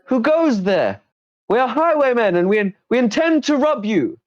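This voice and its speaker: A man voicing a young male bandit highwayman who shouts blustering demands. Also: sing-song, moderate pace, lo-fi sound. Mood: shouting threats.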